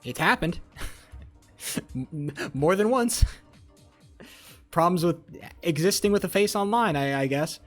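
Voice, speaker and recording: A man's voice: on the high side, expressive, a little slow, pauses often, soft background music. A young man chatting casually with his live-stream viewers, rambling, swearing and joking as he reads chat. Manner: rambling, profane, jokey, talks to chat.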